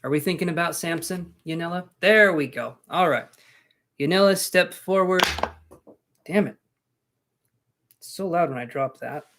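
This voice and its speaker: A man's voice: a little high, normal speed, a bit bright. A man giving live-stream tarot readings, talking casually to his viewers with joking asides. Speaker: tarot reader.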